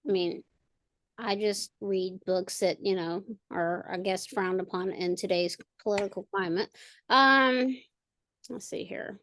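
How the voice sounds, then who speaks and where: Woman, casual chat, rambling with fillers and restarts, gravelly voice, dry sound. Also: medium pitch, a little slow, fairly bright tone, dry recording. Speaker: podcast co-host and parent. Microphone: video call.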